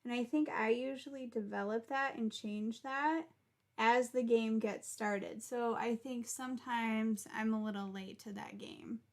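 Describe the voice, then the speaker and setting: A woman's voice: on the high side, steady tone, unhurried. A woman co-hosting a casual chat, talking hesitantly with lots of "like" and pressing when she wants to know more. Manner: hesitant, full of "like", insistent when curious. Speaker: co-host, player.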